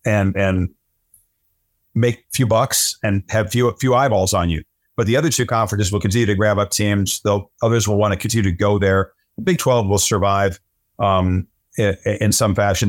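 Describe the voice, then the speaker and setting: A man's voice: lowish voice, dry recording, studio quality. A middle-aged man, a sportscaster guest, telling stories in casual conversation and often repeating words as he starts sentences.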